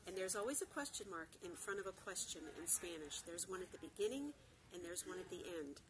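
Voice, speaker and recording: Woman teaching beginner Spanish, slow and careful. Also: on the low side, expressive, noisy background. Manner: slow, careful repetition of example phrases. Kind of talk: beginner language lesson.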